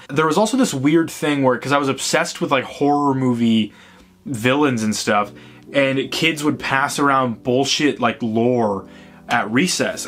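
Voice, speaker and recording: A tired man hosting a movie ranking vlog, ranting in a profane, excitable, rambling way. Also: medium pitch. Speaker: host.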